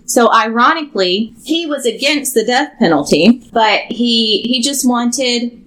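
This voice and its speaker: A woman's voice: a little high, lively intonation, measured pace, fairly bright tone, rough recording. A woman co-hosting a history podcast, speaking casually with dry, teasing humor. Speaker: podcast co-host.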